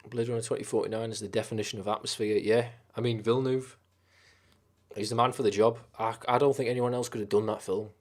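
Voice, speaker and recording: A man with a lowish voice talks loosely on a live stream and rambles from one film to the next. He swears freely and gets carried away with enthusiasm. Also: level tone, fast. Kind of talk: casual live-stream chat.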